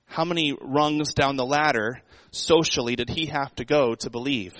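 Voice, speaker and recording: A man's voice: medium pitch, moderate pace, fairly bright tone, dry recording, poor audio. A man preaching a sermon in a conversational way, asking the congregation rhetorical questions. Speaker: pastor.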